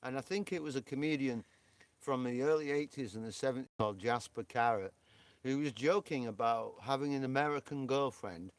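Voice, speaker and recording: A man's voice: mid-range voice, fairly quick, dry recording. Chatty Yorkshire man with a dry sound. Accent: Yorkshire English. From England. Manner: rambling, chatty, full of fillers and restarts. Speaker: co-host of a live stream. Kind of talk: live stream chat.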